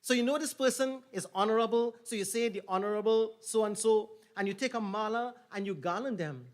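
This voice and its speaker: A man's voice: high-pitched, brisk. A man giving a sermon as a pundit, telling the story with repeated phrases and rising emphasis on key points. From Trinidad and Tobago. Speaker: pundit officiating a yagna.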